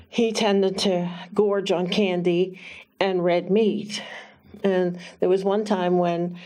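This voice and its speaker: A woman minister telling a personal story in a halting, chatty way, often laughing and animating her quotes. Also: medium pitch. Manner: lively quoted voices.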